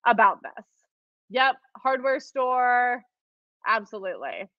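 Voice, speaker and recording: A woman's voice: mid-range voice, lively intonation, moderate pace, a bit bright, no room sound. Chatty woman teaching quilting. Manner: chatty, encouraging, answers viewer questions, many ums. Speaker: quilting instructor. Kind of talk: live online craft class. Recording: dry, slightly dull stream audio.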